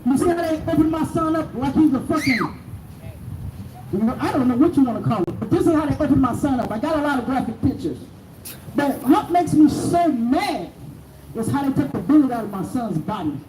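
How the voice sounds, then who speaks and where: Her voice sits high, with lively intonation and a fairly quick pace, as this grieving middle-aged mother delivers a raw, angry address to protesters outside city hall. It's a noisy, echoey outdoor recording made from a distance.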